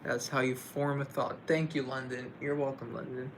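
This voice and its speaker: A man's voice: mid-range voice, little pitch movement, moderate pace, slight background noise. A man hosting a casual livestream, answering viewer comments with a playful, joking manner. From United States. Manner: playful, joking, talks to himself. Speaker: livestream host.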